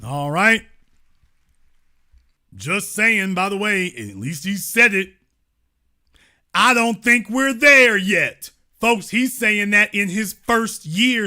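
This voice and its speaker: A man's voice: sits high, lively intonation, takes it slowly, pauses often, sharp tone. A man hosting a commentary show, reading an article aloud and reacting to it in a preachy, fired-up way.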